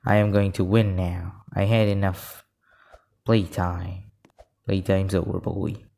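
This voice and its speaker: A man giving live gameplay commentary, excitable and easily frustrated, often saying "literally". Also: deep voice, takes it slowly, gravelly. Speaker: gaming video creator.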